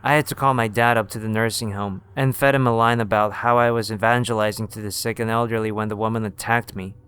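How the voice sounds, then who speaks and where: A man narrating a first-person horror story in a steady, scripted storytelling manner. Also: fairly low pitch, fast talker, clean tone.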